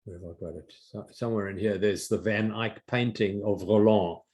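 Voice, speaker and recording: An older man giving an informal art history slide lecture, halting with many fillers and restarts. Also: fairly low pitch, steady tone, a little mellow.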